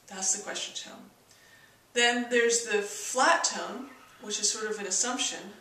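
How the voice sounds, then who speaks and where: Bright-voiced woman teaching from a distance. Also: mid-range voice, slow pace, reverberant. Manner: demonstrates tone shifts in example sentences. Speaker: persuasion teacher. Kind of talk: instructional video talk.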